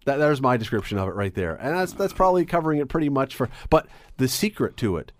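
A man's voice: mid-range voice, big pitch swings, fast, no room sound. A man hosting a radio sports talk show, chatting casually with many restarts and easy laughs.

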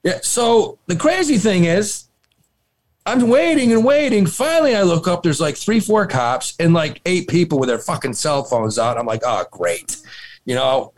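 A man on a podcast telling a long, animated story in casual chat, swearing and laughing as he goes. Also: sits high, moderate pace. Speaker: podcast co-host.

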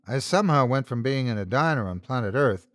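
Male horror podcast narrator, animated dramatic delivery, dry close mic. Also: medium pitch, a little fast, no room sound. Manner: first-person, dramatic storytelling. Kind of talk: scripted horror story narration.

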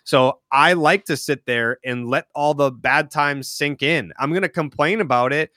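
A man in his thirties talks loosely as a podcast guest, scattering filler words through long, winding thoughts. His voice is bright and forceful, with a slightly raised pitch and a dry, close sound. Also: normal speed, no echo. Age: 30s. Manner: rambling, heavy use of "like" filler. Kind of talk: casual chat.

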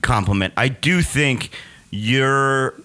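A man's voice: mid-range voice, takes it slowly, bright, forceful tone, no room sound. A man hosting a comedy podcast, rambling casually with fillers and swearing. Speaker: podcast host.

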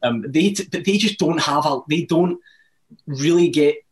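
A Scottish radio presenter in casual chat, rambling through chatty anecdotes. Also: male voice, fairly high pitch, normal speed, poor audio.

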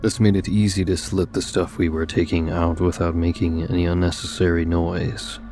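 A man narrating a scripted horror story in a measured, steady storytelling manner. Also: sits low, music in the background.

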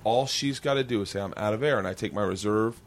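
A man's voice: on the low side, fast talker. A man hosting a podcast, telling a story in casual, profane chat and acting out the voices in it. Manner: animated, profane, acts out voices in his stories. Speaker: podcast host.

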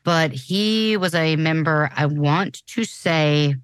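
A woman's voice: low-pitched, slow pace, clear, resonant tone, no echo. A woman in her forties co-hosting a podcast in casual chat, talking loosely with many restarts. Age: 40s. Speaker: podcast co-host.

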